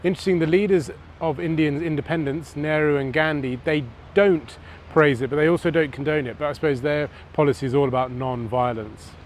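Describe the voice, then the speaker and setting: A man's voice: fairly high pitch, steady tone, a little hiss or hum. Man telling history outdoors. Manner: storytelling, conversational, dramatic pauses. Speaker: history presenter. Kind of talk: on-location history talk. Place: outdoors on city streets.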